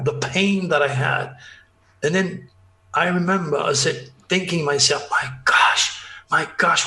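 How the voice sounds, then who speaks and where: A man recounting a strange personal story with dramatic flair, voicing the people in it. His voice is bright and slightly high, and it rings out in an echoey room. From France. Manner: dramatic, acts out dialogue, restarts often. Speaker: podcast guest. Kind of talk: animated storytelling.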